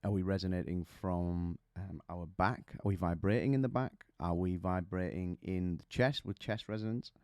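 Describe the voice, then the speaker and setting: Low, mellow male vocal coach. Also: fairly even intonation, moderate pace, few pauses, clean tone, dry recording, studio quality. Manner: explains with images and rhetorical questions. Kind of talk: vocal technique lesson.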